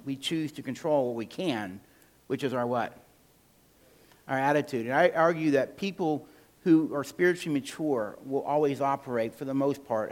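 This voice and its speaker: A man giving a sermon on healthy relationships as a guest speaker in a church, emphatic and often asking the audience to fill in the answer. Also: medium pitch.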